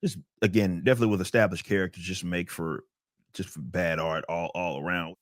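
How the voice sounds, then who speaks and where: A male podcast host talks emphatically, restarting sentences and swearing freely. His voice is mid-pitched and sits close and dry in the recording. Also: a little fast, dry recording. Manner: profane, emphatic, with frequent restarts. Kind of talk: casual podcast chat.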